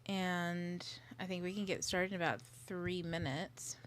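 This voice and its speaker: A woman's voice: lowish voice, fairly even intonation, measured pace. A woman hosting a casual livestream, chatting and thinking aloud while fixing her setup, sometimes whispering asides to herself. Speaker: livestream host. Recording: audible clicking noise.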